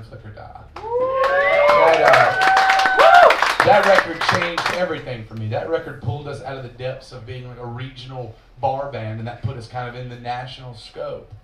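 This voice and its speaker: On stage at a live venue, a singer-songwriter pauses between songs to tell a long, crude story at his own expense. His medium-pitched voice comes through a roomy, distant recording over a noisy background of audience sound.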